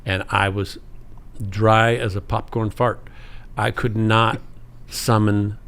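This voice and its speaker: A man's voice: on the low side, little pitch movement, slow pace, creaky, a bit bright, clean tone. A middle-aged man, a podcast guest, telling self-deprecating stories and acting out the voices of people in them. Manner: self-deprecating storyteller, acts out other voices. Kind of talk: telling anecdotes.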